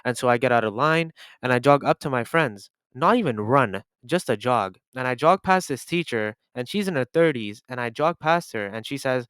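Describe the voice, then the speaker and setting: A man's voice: mid-range voice, expressive, moderate pace, fairly bright tone, clean tone, no echo. A young man telling a story-time vlog over gameplay, casual and exasperated, with some swearing. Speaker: YouTuber.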